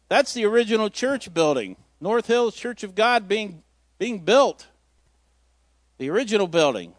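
Guy preaching a laid-back folksy sermon, kinda high voice, dry close sound. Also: dry recording. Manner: folksy, storytelling, self-deprecating with chuckles. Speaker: lay preacher filling in at church. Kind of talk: informal sermon.

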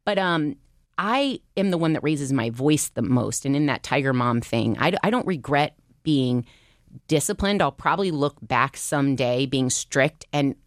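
Low-voiced candid woman talking. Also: lively intonation, normal speed, dry recording, studio quality. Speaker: talk show co-host. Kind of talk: casual podcast conversation.

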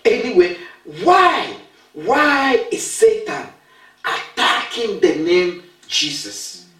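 A preacher delivers an emphatic talk, asking questions and repeating key phrases. The voice is medium-pitched, very animated, slow, and a bit bright. It was recorded from a distant mic in a roomy space, giving a roomy sound.

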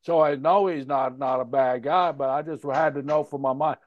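A man's voice: mid-range voice, normal speed, no echo, highs cut off. A male podcast host telling stories in a casual chat, laughing often as he acts out old conversations. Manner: laughing, animated retelling of conversations.

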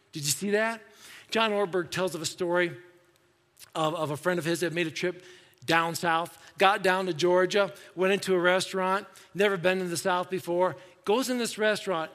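A pastor with a high, fairly bright voice delivers a sermon in an echoey church sanctuary. He addresses the congregation in a conversational way, performing the voices of those he quotes.

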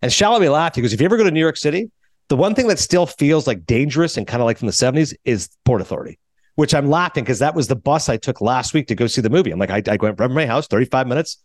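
A man co-hosting a talk show, retelling interviews in a quick, animated casual chat and acting out quotes in higher voices. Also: no room sound, clean studio sound. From New Jersey. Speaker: radio show co-host.

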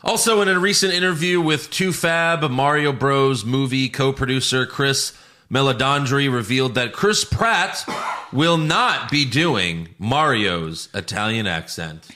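Bright-voiced wry male podcast host. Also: mid-range voice, lively intonation, a little slow. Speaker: podcast co-host reading entertainment news. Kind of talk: casual news banter.

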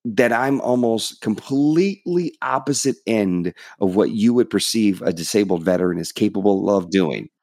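A man telling his life story as a podcast guest, open and animated, swearing casually. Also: fairly low pitch, normal speed, few pauses, dry recording, studio quality. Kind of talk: personal storytelling in interview.

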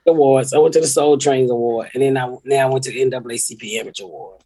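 Husky, foul-mouthed woman telling stories. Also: rumbling low, rapid-fire, no room sound. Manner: profane, storytelling with animated quoted voices. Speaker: podcast host. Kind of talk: casual chat.

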